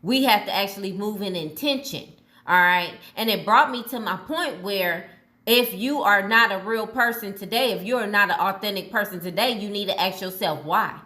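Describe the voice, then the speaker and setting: A woman, hosting a casual motivational monologue in a blunt, animated way with some swearing. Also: mid-range voice, normal speed. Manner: animated, blunt, swearing, retells talks with God. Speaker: podcast host.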